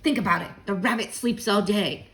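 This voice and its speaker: A woman's voice: medium pitch, normal speed, a bit bright, lightly acted. A woman voicing a sly, know-it-all male house cat who talks in a bossy, impatient way. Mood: scheming.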